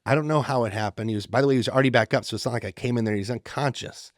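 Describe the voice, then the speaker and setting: A man's voice: medium pitch, racing, dry recording, clean studio sound. A middle-aged man co-hosting a podcast, telling a story in casual chat and acting out the quoted lines. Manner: animated storyteller who acts out the quoted lines. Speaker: podcast co-host.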